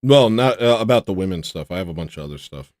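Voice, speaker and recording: A man's voice: low voice, animated, fast talker, a little mellow, dry recording, studio quality. A man hosting a livestream, chatting casually in a rambling, sarcastic way and mocking what others say. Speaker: livestream host.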